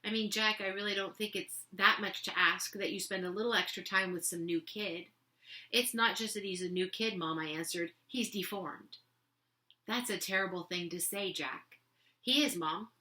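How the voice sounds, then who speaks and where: A woman's voice: mid-range voice, moderate pace, pushed and bright. A woman reading a children's novel aloud to listeners, with casual, chatty asides between passages.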